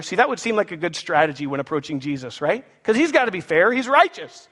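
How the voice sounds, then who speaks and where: A male pastor delivers a sermon to his congregation in a high, bright, lively, fairly quick voice, tossing in playful asides. His words ring through a large hall with long reverb.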